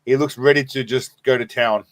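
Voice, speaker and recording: A man's voice: medium pitch, fairly even intonation, normal speed, crowd noise. A man hosting a livestream who comments on clips with crude jokes and frequent laughs. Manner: crude joking, laughs often. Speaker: livestream host. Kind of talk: casual reaction commentary.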